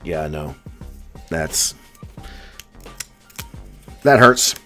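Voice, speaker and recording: A coin roll hunting live streamer from the US East Coast hosts a casual stream, chatting and answering viewer comments one at a time. His voice rumbles low and sounds bright and forceful, delivered very slowly but with animation. Faint music plays behind him.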